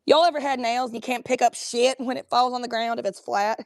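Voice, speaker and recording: A young woman from Cincinnati, talking in a put-on Southern drawl during a casual livestream chat, crude and rambling, high and coughing now and then. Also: steady tone, brisk. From Cincinnati, Ohio.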